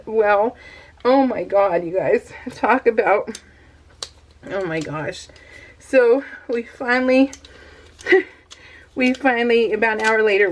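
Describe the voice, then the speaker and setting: Chatty woman with a slightly high voice, coughing. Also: low-quality recording. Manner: chatty, laughs often while telling the story. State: coughing, recovering from tonsil removal. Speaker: scrapbooking vlogger. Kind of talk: casual storytelling voice-over.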